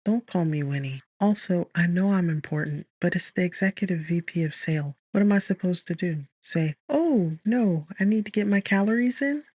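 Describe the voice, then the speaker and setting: Man doing a young woman executive, higher voice, defensive, sarcastic, dry close sound. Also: normal speed, few pauses, darkish tone, husky, dry recording. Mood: exasperated.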